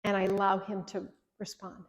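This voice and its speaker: A woman's voice: mid-range voice, monotone, moderate pace. A woman in her sixties giving an earnest marriage workshop talk, coaching and directly challenging her listeners. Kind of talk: workshop teaching. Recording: echoey hall reverb.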